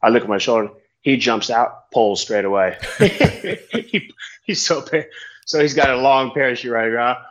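A man's voice: mid-range voice, moderate pace, a bit bright. A man, a tandem skydiving instructor telling a story in a casual, rambling chat and swearing freely.

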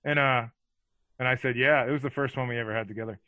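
A man tells long, meandering stories in a casual chat, with plenty of fillers and profanity. His voice is bright and forceful, and it is recorded dry and close. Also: mid-range voice, fast talker, dry recording, rough recording. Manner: rambling, profane, lots of filler words; animated, acts out other people's lines.

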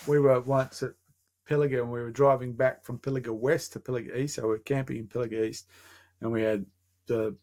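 Gravelly Australian man spinning an anecdote. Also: medium pitch, brisk. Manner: animated, acts out quoted dialogue. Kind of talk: casual anecdote.

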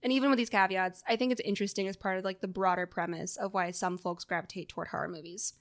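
A woman co-hosting a casual podcast, explaining points quickly with wry humor. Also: mid-range voice, steady tone. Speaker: podcast co-host. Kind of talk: casual chat.

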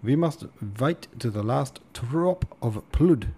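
A man voicing a stocky, pompous old hussar colonel with a German accent, speaking slowly and stressing his words. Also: on the low side, gravelly, dark tone, breathy edge, exaggerated voice. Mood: emphatic. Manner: slow, emphatic, over-stressing words.

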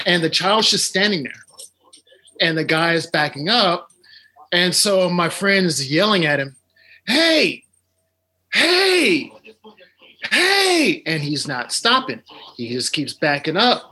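A man appearing as a guest on a video call, telling a story with many pauses and ums. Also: a little high, expressive, pushed and bright, slightly rough. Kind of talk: storytelling on a podcast.

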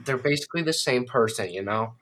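A man's voice: medium pitch, animated, fast talker, a bit bright. A man co-hosting a casual football preview, loose and easily surprised, laughing often. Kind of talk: casual sports chat.

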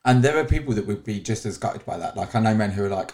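A man hosting a podcast in casual chat, animated and quick to laugh. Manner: animated, bursts into high laughs and squeals. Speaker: podcast host.

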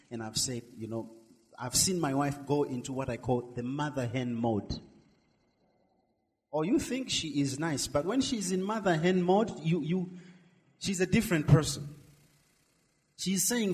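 A middle-aged male minister preaching a sermon, swinging between loud emphatic lines and soft drawn-out words. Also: mid-range voice, animated, in a large hall.

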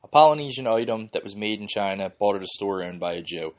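A man's voice: fairly low pitch, expressive, a little fast, hardly any pauses. A man from Philadelphia hosting a podcast, ranting casually and heatedly with lots of swearing and "like" fillers. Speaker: podcast host.

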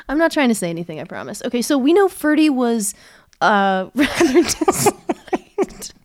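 Woman, podcast co-host, casual history chat, giggly, playful storyteller, fairly high voice. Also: very animated, a little slow.

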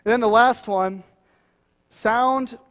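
A man with a fairly high voice gives an earnest, conversational sermon in a church, often dropping "you know" as he talks. His voice carries a long reverb from the hall around him. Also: slow, fairly bright tone. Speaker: guest preacher.

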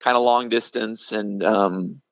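A young man, a ministry director, telling his life story in a casual interview, halting with many fillers and restarts. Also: lowish voice, fairly even intonation, dry recording, highs cut off. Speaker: middle school ministry director, guest.

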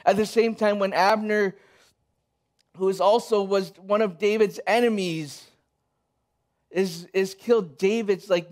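A man preaching a sermon, retelling a Bible story in a lively, casual way and quoting the figures in everyday speech. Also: high-pitched, measured pace, pauses often.

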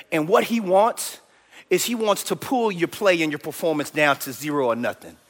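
High-voiced animated man preaching in a hall. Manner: animated preaching, trash-talk impressions. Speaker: pastor. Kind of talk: sermon. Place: church stage.

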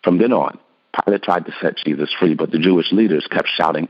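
A man narrating scripture in a steady, even reading voice. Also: sits low, a little fast, muffled recording. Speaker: scripture reader.

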